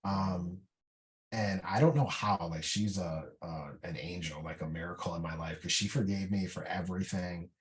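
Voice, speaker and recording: A man's voice: deep voice, steady tone, moderate pace. A middle-aged man, a veteran guest on a podcast, telling his story in a candid, casual way with many fillers and restarts. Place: indoor podcast room.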